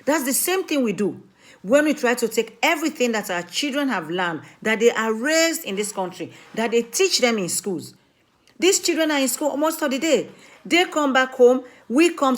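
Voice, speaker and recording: A woman from Africa, a mother and community speaker, giving an earnest, emphatic talk that pleads with her listeners and repeats her main points. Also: on the high side.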